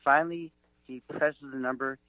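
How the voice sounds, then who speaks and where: A man's voice: mid-range voice, steady tone, no room sound. Man telling stories over a tinny line. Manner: halting, many fillers and restarts, acts out quotes. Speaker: guest, comedian and author. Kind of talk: rambling anecdotal storytelling. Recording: tinny phone-like line, dry.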